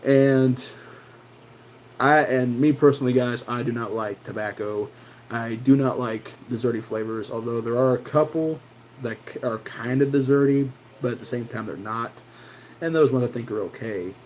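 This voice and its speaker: A man's voice: medium pitch, normal speed, darkish tone, slight background noise, poor audio. A man hosting his own channel, telling a personal story in a loose, casual way, full of fillers and restarts. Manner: rambling, many fillers and restarts. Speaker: channel host.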